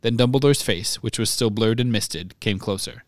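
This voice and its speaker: A podcast host reading a book chapter aloud in measured, even narration. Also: male voice, on the low side, no echo, clean studio sound.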